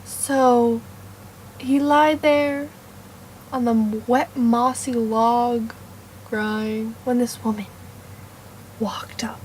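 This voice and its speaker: A woman making up a story on the spot, playful and meandering, with sudden loud bursts and whispered asides. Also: a little high, steady tone, extremely slow, slight background noise. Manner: meandering, self-correcting. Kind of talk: improvised storytelling.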